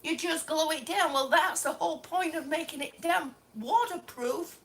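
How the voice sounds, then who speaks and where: A woman's voice: high voice, normal speed, fairly bright tone, slight background noise. A woman live-streaming a complaint about damaged tiles at home, exasperated and sarcastic, swearing now and then. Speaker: vlogger. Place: home, indoors.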